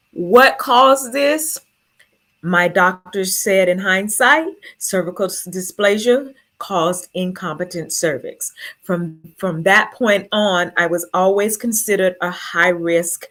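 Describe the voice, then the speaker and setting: A woman's voice: lowish voice, fairly bright tone. A woman telling her own story to an audience, earnest and emotional, holding back tears. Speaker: speaker sharing her story.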